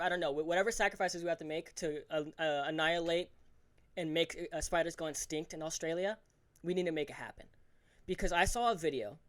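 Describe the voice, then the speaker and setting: A young man hosting a solo podcast, ranting fast and profanely, tripping over his words with stammers and restarts. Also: fairly high pitch, a bit bright. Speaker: podcast host.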